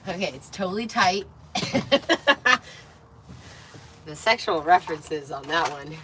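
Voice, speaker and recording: A giggly, excitable woman chats on a livestream from inside a parked vehicle, tipsy and swearing freely, with a slightly worn, lost voice. Her voice sits a bit low but has a bright, forceful edge. A faint hum of noise runs underneath. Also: takes it slowly, poor audio. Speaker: livestream host. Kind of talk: tipsy casual livestream chat.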